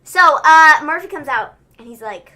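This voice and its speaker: A young woman co-hosting a casual wrestling review livestream, talking in a bubbly, rambling way and quick to laugh. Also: sits high, expressive, sharp tone. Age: young adult. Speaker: wrestling show co-host.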